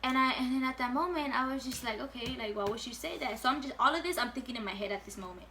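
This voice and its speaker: A woman's voice: high-pitched, fast, bright, forceful tone, a little hiss or hum. A woman in her late teens telling a casual storytime at home, chatty and full of fillers, swearing freely. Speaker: vlogger.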